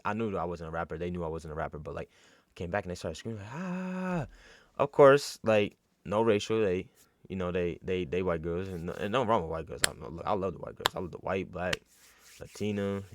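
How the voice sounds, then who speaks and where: A man's voice: deep voice, fast, no echo, clean studio sound. A young man from New York telling a casual, slangy story with lots of fillers and restarts.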